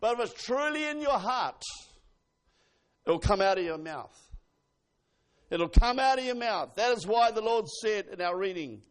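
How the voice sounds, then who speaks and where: A man preaching a sermon, swinging from hushed asides to loud exclamations and reading scripture slowly with emphasis. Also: sits high, expressive.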